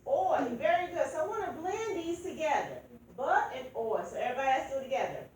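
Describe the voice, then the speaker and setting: A woman's voice: sits high, lively intonation, quick pace, darkish tone, a little hiss or hum. A woman teacher leading a phonics lesson, patiently prompting students and calling on them by name. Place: classroom. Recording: echoey room from a distance.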